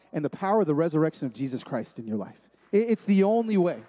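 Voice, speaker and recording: A man's voice: a little high, sing-song, quick pace, warm tone. A man giving an emphatic, story-driven sermon-style talk to a live audience in a large room, repeating his key lines for weight. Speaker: speaker at a men's gathering. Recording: long hall reverb.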